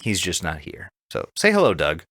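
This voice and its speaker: A man co-hosts a podcast with a wildly swinging, bright voice, swearing freely as he lays out plans for listeners. His delivery is loose, animated and eager. The sound is close and dry. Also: sits low, normal speed, no echo. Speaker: podcast co-host. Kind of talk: casual banter.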